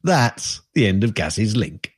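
A man's voice: on the low side, big pitch swings, slow pace, heavy background noise. A man co-hosting a podcast, reading tech news in a rambling, chatty way that often trails off. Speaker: podcast co-host.

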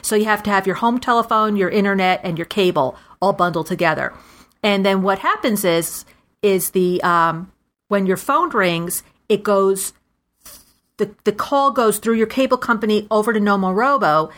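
Chatty woman, mid pitch, tells stories and does little voices for the quotes. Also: moderate pace. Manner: animated storyteller, acts out quoted voices. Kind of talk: casual chat.

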